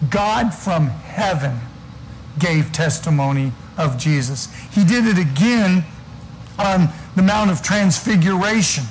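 Slow, high-voiced preacher man. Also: a little hiss or hum, low-quality recording. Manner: preaching with slow, weighty emphasis and scripture reading. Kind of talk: sermon.

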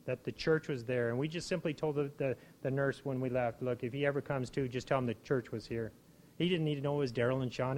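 A man preaching to his congregation in a loose, conversational way, often restarting his sentences. He bursts into lively exclamations now and then, and his voice sits a little above the usual male range. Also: on the high side. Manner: conversational, repeats words and restarts, animated exclamations. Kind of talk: informal sermon.

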